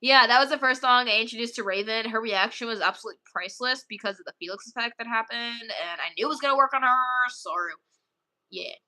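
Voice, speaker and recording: A woman chats to her viewers in a bright, sharp-edged voice that sits a little high. She rambles through her stories, packed with fillers, and keeps breaking into giggles. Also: fast. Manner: rambling, filler-heavy storytelling. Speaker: streamer chatting with viewers. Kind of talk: casual chat.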